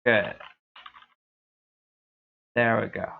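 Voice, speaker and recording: A young man streaming a game, talking through his play in a laid-back, rambling way with a deep, dark voice. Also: steady tone, drawn-out words, creaky. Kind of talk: casual gameplay commentary. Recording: tinny lo-fi stream mic.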